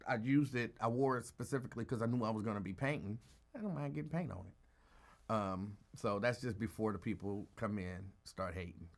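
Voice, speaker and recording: Tired, easygoing man hosting a live chat. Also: lowish voice. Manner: easygoing, greets listeners by name, rambling; calm, holding back from yelling. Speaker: talk show host. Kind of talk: casual live-stream chat.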